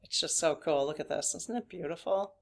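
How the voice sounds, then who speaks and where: Woman in her fifties, spiritual reader, rambling casual chat, slightly low voice. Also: fairly quick, gravelly. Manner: chatty, laughing, rambling with asides.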